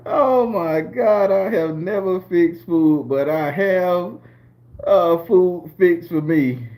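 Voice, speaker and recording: Laughing, cursing man from southern Florida. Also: high voice. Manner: loud laughing, swearing, talks to chat viewers. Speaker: channel host. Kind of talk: live-stream storytelling chat.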